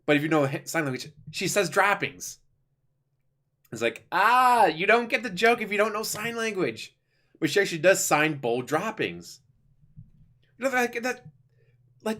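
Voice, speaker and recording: A man giving a casual, rambling review of an animated series, enthusiastic, with lots of fillers and restarts. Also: on the high side, moderate pace. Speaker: YouTuber reviewing an animated show.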